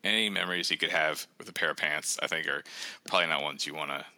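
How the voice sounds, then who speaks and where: A man's voice: rumbling low, fast, sharp tone, no echo. A man in his thirties, a guest author in a casual podcast chat, rambling with self-deprecating humor.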